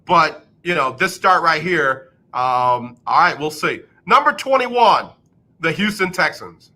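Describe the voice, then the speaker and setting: A man's voice: on the high side, expressive, slow pace, sharp tone. A man hosting a radio sports show in a casual, joking tone, sarcastic and fond of repeating a punchline. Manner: sarcastic, repeats lines for comic effect. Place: radio studio.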